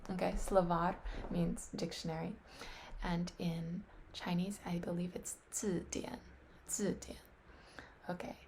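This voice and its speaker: A woman on a webcam practicing vocabulary aloud, tentative and thinking out loud as she sounds out words. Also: on the low side, little pitch movement, slow pace, a little hiss or hum. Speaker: language learner practicing vocabulary. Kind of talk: casual solo practice on webcam. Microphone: webcam microphone.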